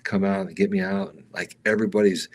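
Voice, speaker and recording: A middle-aged man, a stuntman guest, telling stories casually with animated energy, slipping into raised voices for other people and calling the host "dude". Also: sits low, fast talker. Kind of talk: casual storytelling interview.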